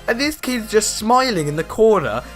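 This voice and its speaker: Bright-voiced teen boy rambling. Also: high-pitched, normal speed, faint music behind. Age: teens. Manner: rambling, animated, lots of "you know" fillers. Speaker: vlogger. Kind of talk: casual storytelling vlog.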